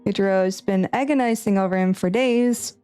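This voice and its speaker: A woman's voice: mid-range voice, moderate pace, warm tone, clear, resonant tone, faint music behind. A woman streaming a visual novel, reading lines aloud and rambling through her theories with giggly, unsure asides. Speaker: game streamer. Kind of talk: playthrough commentary and reading aloud.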